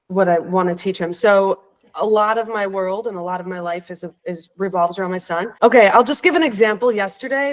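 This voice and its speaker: A woman in her thirties, a podcast guest, telling a heartfelt personal story and growing animated as she retells it. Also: mid-range voice, rough recording.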